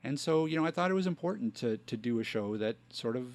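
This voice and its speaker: A man's voice: medium pitch, lively intonation, fast talker. A man hosting a podcast, chatting casually with many "you know" fillers. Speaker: podcast host. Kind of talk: casual chat.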